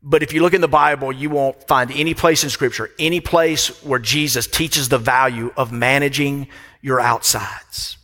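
A man's voice: mid-range voice, steady tone, moderate pace, bright, forceful tone. Emphatic male pastor in echoing church. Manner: emphatic, repeats phrases for weight. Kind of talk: sermon. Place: church sanctuary. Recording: long reverb of a church hall.

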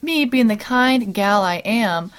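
A woman's voice: mid-range voice, expressive, takes it slowly. A young woman co-hosting a comedy podcast, chatting casually and teasing her friend with dramatic exaggeration. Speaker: podcast co-host.

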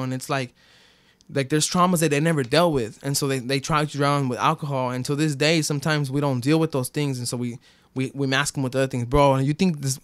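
A man's voice: medium pitch, fairly even intonation, a little fast, dry recording. Rambling young man, clean close voice. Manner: rambling, many fillers like "bro" and "like", swears freely. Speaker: podcast guest telling his story. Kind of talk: casual storytelling chat.

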